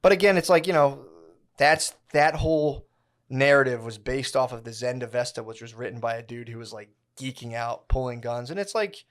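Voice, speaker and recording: A man's voice: mid-range voice, steady tone, normal speed. A man in his thirties co-hosting a casual podcast, telling a long history story with slang, swearing and many restarts. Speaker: podcast co-host.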